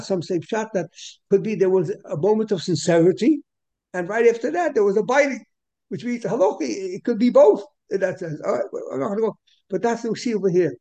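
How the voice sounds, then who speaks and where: Male Torah teacher, high-pitched and mellow, repetitive and digressive. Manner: repetitive, digressive explaining with Hebrew terms. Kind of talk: Torah class lecture.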